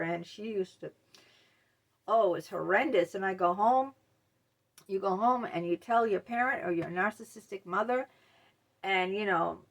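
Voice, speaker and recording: A middle-aged woman speaks personally to her viewers in a candid, emotional way. She stops and restarts often, filling gaps with ums and you-knows. Her voice sits at an ordinary middle pitch. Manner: candid, emotional, halting with many fillers. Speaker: mental health video host. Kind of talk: personal talk to camera.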